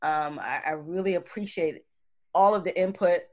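A woman's voice: lowish voice, normal speed. Chatty woman hosting an online talk show. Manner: warm, effusive, many fillers and restarts. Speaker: host. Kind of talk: casual online radio talk.

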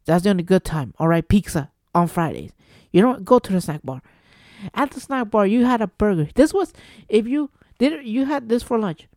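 This New Jersey man hosts a solo podcast and delivers a casual rant in a high-pitched, animated voice at normal speed. His tone is darkish, and the studio-quality recording has no echo. He sounds exasperated and profane, firing off rhetorical questions.

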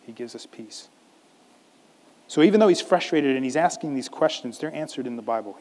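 A man preaching a sermon as a pastor, animated, acting out a scripture scene in different voices. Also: fairly high pitch, in a large hall.

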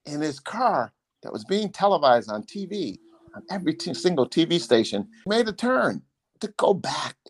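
A man's voice: a little high, big pitch swings, normal speed. A man in his sixties, a former congressman, telling stories to his son in a casual, emphatic way and repeating phrases for effect. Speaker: former congressman hosting a podcast.

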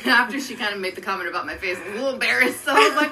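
A woman's voice: on the high side, very animated, normal speed, long pauses, sharp tone, a little hiss or hum, low-quality recording. A woman in her thirties, co-hosting a podcast, telling a long story in casual, profane chat. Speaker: podcast co-host.

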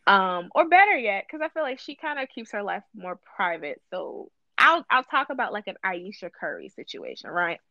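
A woman's voice: medium pitch, sing-song, moderate pace, few pauses, sharp tone, dry recording. Woman, casual chat, emphatic, repeats herself, dull dry recording. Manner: emphatic, repeats phrases for stress. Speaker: guest co-host.

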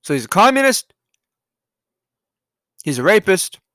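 A man's voice: high-pitched, very animated, a little slow, bright, forceful tone, no echo. A man hosting a podcast, ranting profanely in a rambling solo monologue that keeps digressing. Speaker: podcast host. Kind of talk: solo political rant monologue.

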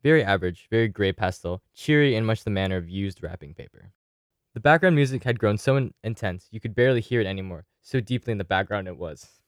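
Low male reader, casual storytelling among friends, dry sound. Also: lively intonation, fast talker, dry recording. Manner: reads aloud, breaks into laughter, voices characters loosely. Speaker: podcast co-host reading a collaborative story. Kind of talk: casual read-aloud storytelling with laughs.

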